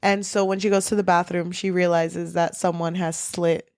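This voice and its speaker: A woman's voice: lowish voice, little pitch movement, normal speed, a little mellow, smooth, no echo, clean studio sound. A woman co-hosting a casual book podcast, candid and profane, dramatically quoting characters as she recaps the plot. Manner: loose and candid, swears freely, quotes characters dramatically. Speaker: podcast co-host. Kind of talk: casual book discussion chat.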